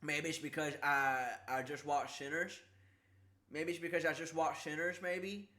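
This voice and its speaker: A man streaming casually, talking haltingly with a slight lisp from a sore tongue, repeating words and struggling with S sounds. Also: fairly high pitch, flat delivery, pushed and bright. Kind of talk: casual livestream chat.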